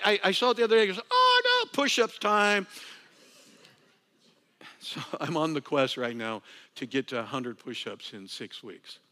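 A man preaching a sermon as pastor, animated, dropping to soft asides and rising to loud emphasis, sometimes laughing at himself. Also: high-pitched.

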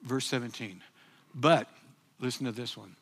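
A man preaching a sermon, moving between hushed, intense passages and loud, emphatic bursts while speaking to his listeners casually. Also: mid-range voice, normal speed, breathy edge. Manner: addresses listeners as "guys".

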